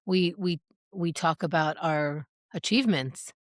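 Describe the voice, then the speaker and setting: Animated, self-mocking woman podcast host. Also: on the low side, unhurried, no echo, studio quality. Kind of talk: casual chat.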